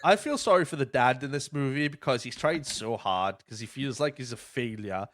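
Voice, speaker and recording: A man's voice: mid-range voice, lively intonation, moderate pace, fairly bright tone, dry recording, clean studio sound. A man hosting a podcast, telling stories casually with lots of swearing and acted-out quotes. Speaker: podcast host. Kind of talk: casual chat.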